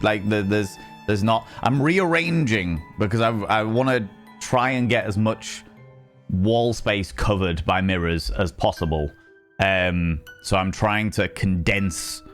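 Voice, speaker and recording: A man chatting playfully and casually with his chat during a live stream, tossing out teasing greetings. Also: fairly low pitch. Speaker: game streamer.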